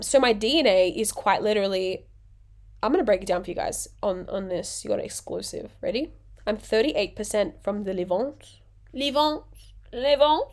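A woman's voice: medium pitch, darkish tone. A woman, hosting a casual solo podcast in a rambling, jokey, self-mocking way, sounding sick and tired. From Australia. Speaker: podcast host.

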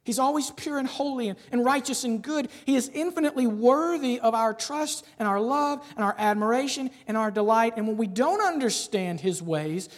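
A man preaching a sermon as pastor, asking the congregation rhetorical questions and tagging them with "right?", moving between loud emphasis and quiet asides. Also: very high-pitched, in a large hall.

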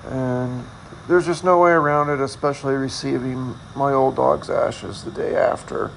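A man hosting a casual solo podcast, talking in a candid, self-deprecating, halting way. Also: mid-range voice, little pitch movement, vocal fry, a little hiss or hum, low-quality recording. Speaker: podcast host.

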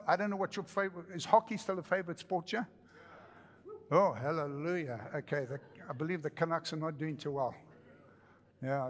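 A man preaches with a slightly high voice, animated and joking, repeating phrases for emphasis. His voice carries a long reverb through a church hall. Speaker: pastor. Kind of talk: sermon.

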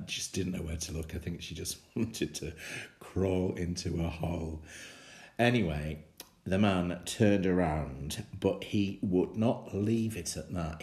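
A man with a very low, deep voice tells a personal story in an animated way, often breaking into small chuckles. His voice carries a noticeable room echo. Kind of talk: personal anecdote. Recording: roomy echo.

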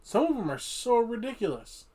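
A man's voice: extremely high pitch, very animated, moderate pace, mellow. A man co-hosting a podcast, trading jokes and swearing freely in casual banter. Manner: joking, profane banter. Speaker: podcast co-host. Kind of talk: casual chat.

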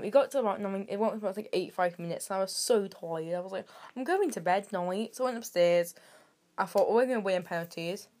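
A British teenage girl hosting her own podcast, rambling and sarcastic, with sudden jumps in loudness. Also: mid-range voice. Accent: British English. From Britain. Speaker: podcast host. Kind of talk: casual solo podcast chat.

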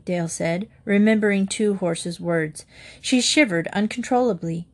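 Woman narrator, storybook read-aloud, steady, expressive, medium pitch. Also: unhurried.

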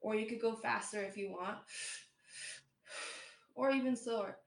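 A woman calmly guiding listeners through a breathing meditation, played as a clip within a podcast. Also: on the high side, normal speed, reverberant. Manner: calm, instructive. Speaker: meditation guide. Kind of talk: guided breathing instruction.

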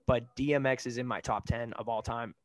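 A man's voice: medium pitch, steady tone, brisk. A young man co-hosting a podcast in casual chat, enthusiastic, laughing often and heaping praise on people. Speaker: podcast co-host.

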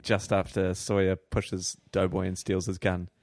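A man with a low, gravelly voice co-hosting a casual podcast, steering the chat along with quick asides. The sound is dry and close. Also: completely flat delivery, a little mellow, no room sound. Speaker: podcast co-host.

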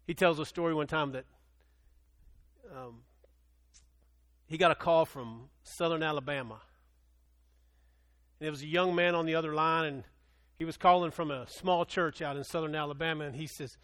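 A man preaching a sermon, telling a story with animation, swinging from loud excitement to hushed earnestness. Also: on the high side, moderate pace, long pauses. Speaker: pastor.

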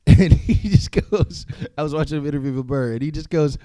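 A man's voice: fairly high pitch, lively intonation, normal speed, mellow, no echo. A man hosting his own podcast alone, rambling casually with lots of swearing and frequent laughter. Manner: rambling, profane, laughs often. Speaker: podcast host. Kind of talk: casual solo podcast chat.

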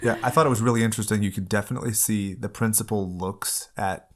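Low-voiced profane man in his thirties. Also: fast talker. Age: 30s. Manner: animated, profane, jokey. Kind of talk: casual film discussion.

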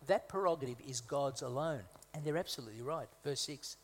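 A guest preacher from Malta speaks a little fast at a medium pitch. He delivers a conversational sermon full of humorous asides and emphatic repetition, recorded in a reverberant church hall.

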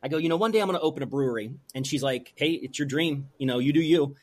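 A man's voice: fairly high pitch, fast talker. A man in his forties, a brewery owner interviewed as a guest, talking openly and with feeling, rambling and restarting as he goes. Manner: open and heartfelt, rambling with restarts. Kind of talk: emotional interview conversation.

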